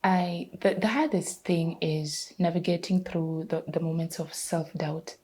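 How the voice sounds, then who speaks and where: A young woman in her twenties speaking as a guest on an interview podcast, her voice set fairly low. She tells her story candidly, with lively, expressive turns. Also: unhurried. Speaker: guest, pageant queen.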